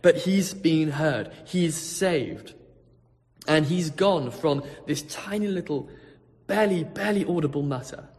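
A pastor preaching a sermon, telling a story vividly, swinging from hushed tones to loud ones. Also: male voice, on the high side, unhurried, big-room sound.

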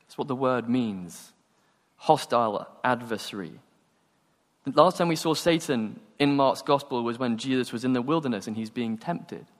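A man preaching a sermon, telling stories and acting out the dialogue with animated energy. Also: medium pitch, moderate pace. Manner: animated storytelling, acts out dialogue. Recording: long hall reverb.

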